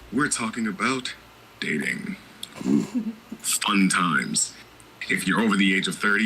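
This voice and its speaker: A man in his thirties hosting a casual podcast chat, playful and drawling, low on energy. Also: bright, forceful tone, a little hiss or hum, poor audio. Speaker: podcast host.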